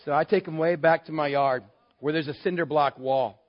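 Lively man telling a story, lo-fi. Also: on the high side, normal speed, some chatter behind. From West Texas. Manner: lively, animated, acts out the voices in the dialogue. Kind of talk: personal anecdote told to an audience. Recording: dull, lo-fi sound.

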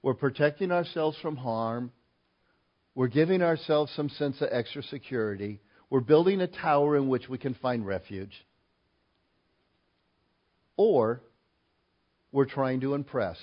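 A male pastor preaching a sermon, emphatic and rising loud on key points. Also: medium pitch, lo-fi sound.

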